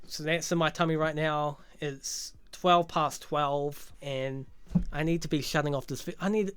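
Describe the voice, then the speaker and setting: A man's voice: fairly high pitch, steady tone, unhurried, fairly bright tone, clean tone, no echo. Profane, rambling man. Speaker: movie reviewer. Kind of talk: casual movie review rant.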